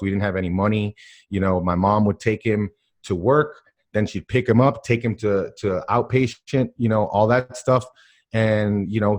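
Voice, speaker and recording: Podcast guest, male, low voice, animated and emphatic storyteller, lots of "like" and "you know". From Miami area, US. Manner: animated, emphatic, many filler words. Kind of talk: casual personal storytelling.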